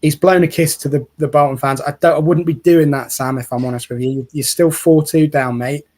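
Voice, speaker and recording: A man giving casual, excitable live commentary on a football match as a co-host, chatty and quick to cheer and tease. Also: fairly high pitch. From England.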